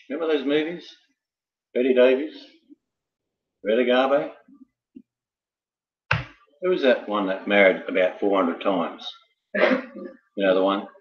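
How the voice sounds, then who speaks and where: A man's voice: mid-range voice, steady tone, takes it slowly, pauses often. A man casually hosting a quiz night, full of joking, rambling asides. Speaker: quiz host. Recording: roomy, dull lo-fi sound.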